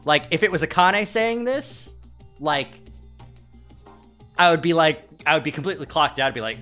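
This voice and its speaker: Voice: medium pitch, lively intonation, moderate pace, long pauses, pushed and bright, faint music behind. A streamer giving casual, joking let's-play commentary in a wry manner. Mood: amused.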